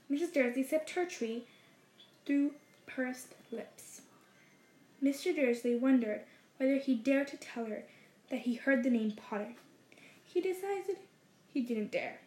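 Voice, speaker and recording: A woman reading a story aloud in a measured way, slowing down for dramatic phrases. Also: high voice, lively intonation, a little mellow. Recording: roomy echo.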